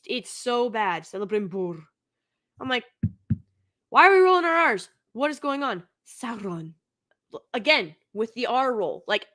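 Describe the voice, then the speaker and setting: A woman hosts a live stream, reviewing a TV show off the cuff. Her voice sits a little high and sounds bright and crisp. She hammers her points home with exasperated repetition. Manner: emphatic, repeats points over and over; exasperated, critical.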